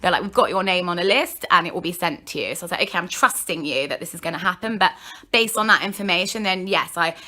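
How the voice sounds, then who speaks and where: A young woman vlogger telling a story in a casual, animated way, acting out what people said. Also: fast. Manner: animated, acts out quotes with big pitch jumps.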